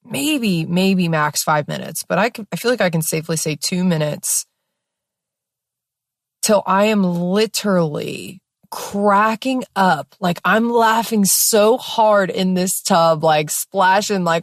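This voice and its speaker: A young woman telling a personal story in a casual, expressive way, with lots of fillers and some swearing. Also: mid-range voice, measured pace, dry recording, studio quality. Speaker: podcast host.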